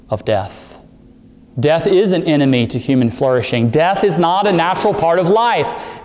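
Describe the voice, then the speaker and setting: A man preaching a sermon, explaining scripture and climbing in pitch on the words he stresses. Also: a little mellow, in a large hall. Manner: expository preaching, rising emphasis on key words. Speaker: pastor.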